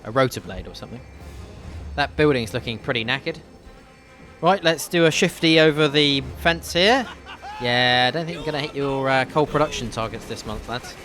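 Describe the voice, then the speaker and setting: A man with a mid-range voice talks at a moderate pace, hosting a history podcast while commentating a game playthrough. He's chatty and jokey, tossing in dry asides. Game gunfire and faint music play in the background.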